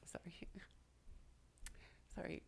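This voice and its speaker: At home, a tearful woman who works as a spiritual channeler and makeup vlogger speaks softly and haltingly into her camera's mic, often sinking to a whisper as she passes along messages in an emotional channeling talk.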